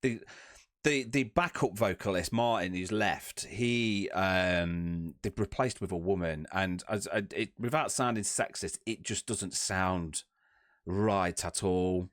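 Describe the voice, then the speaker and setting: A man's voice: low voice, slow pace, a bit bright, dry recording, clean studio sound. A young man chatting enthusiastically on a podcast, rambling and restarting his sentences. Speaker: podcast co-host. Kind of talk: casual chat.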